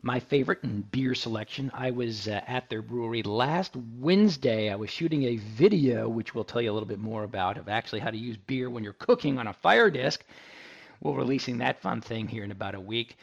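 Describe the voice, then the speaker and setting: A man hosting a radio tech show in a loose, joking way, stumbling through fillers and restarts as he goes. His voice is gravelly, sitting at an ordinary middle pitch. The delivery is easygoing and rambling. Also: fairly quick, muffled recording. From Texas. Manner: chatty, jokey, many fillers and restarts. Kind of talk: casual radio talk show.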